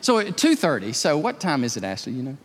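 A man's voice: medium pitch, wildly swooping pitch, fast, husky, long reverb tail. A man preaching a sermon, telling stories animatedly and joking with his congregation. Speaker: pastor.

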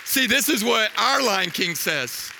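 A man in his thirties preaching a sermon, telling a story with animated energy and asking the crowd questions. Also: sits high, unhurried, gravelly, big-room sound, a little hiss or hum.

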